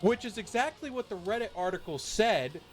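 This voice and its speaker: A man's voice: sits high, expressive, moderate pace. Ranting male streamer, faint music. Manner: swears freely, grumbling rant. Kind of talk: casual storytelling while gaming.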